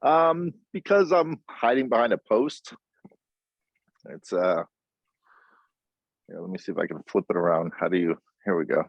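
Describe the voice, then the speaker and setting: A man chatting on a video call from outside by a house, halting with many fillers and pauses. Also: deep voice, creaky, no room sound. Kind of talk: casual chat. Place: outdoors by a house in the sun. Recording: dull lo-fi video call audio.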